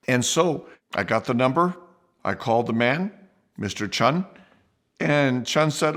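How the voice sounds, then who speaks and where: Brief: male host spinning a personal story, animated and mid-pitched. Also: unhurried. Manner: lively, with restarts and acted-out quotes.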